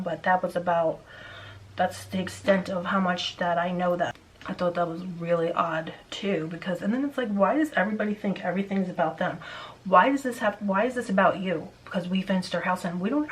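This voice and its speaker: A woman's voice: fairly low pitch, a little hiss or hum, poor audio. A woman vlogger telling a neighbor story in casual, rambling chat, venting with frequent restarts.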